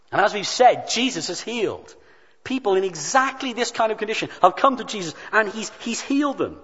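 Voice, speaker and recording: A man preaching a sermon in an earnest, emphatic, deliberate way. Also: sits high. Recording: dull sound with long hall reverb.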